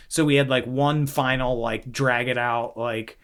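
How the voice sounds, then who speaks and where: A man's voice: medium pitch, fairly even intonation, moderate pace, a bit bright, clean tone. A man, sharing his recovery story bluntly and with heavy swearing in a casual podcast chat.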